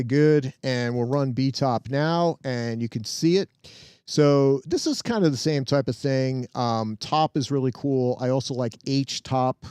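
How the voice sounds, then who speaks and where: A man's voice: medium pitch, a little mellow, clear, resonant tone, dry recording, studio quality. A man hosting a casual live-stream tech demo from his home lab, chatty and upbeat as he talks to viewers while he works. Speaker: host and tech trainer.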